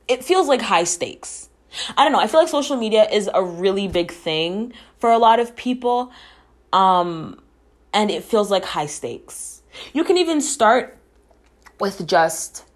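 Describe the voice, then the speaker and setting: A woman hosting a podcast, giving an earnest, encouraging monologue with candid talk and frequent swearing. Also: fairly low pitch. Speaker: podcast host. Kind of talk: casual reflective monologue.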